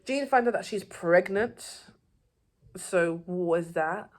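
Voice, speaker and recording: A woman's voice: on the low side, takes it slowly. A woman giving a casual, rambling recap of a TV season, with loose phrasing and frequent restarts. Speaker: TV show reviewer.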